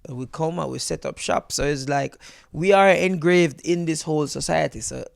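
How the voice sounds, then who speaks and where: A Jamaican man, a comedian, chatting in an interview, animated, switching between accents and laughing often. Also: on the high side, normal speed, creaky, no room sound, clean studio sound. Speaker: comedian guest. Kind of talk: casual interview chat.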